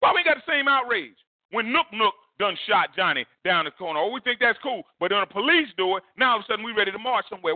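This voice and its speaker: A male pastor preaching a storytelling sermon, leaping high in pitch to act out a shouting crowd. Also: fast talker, no echo. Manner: animated, swings high to mimic a shouting crowd. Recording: dry, phone-like narrow sound.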